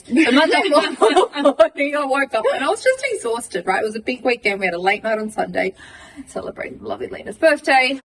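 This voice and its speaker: Animated Australian woman telling a story. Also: fairly high pitch, distant mic, low-quality recording. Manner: animated, swearing, acts out dialogue. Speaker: podcast co-host. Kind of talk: casual storytelling chat.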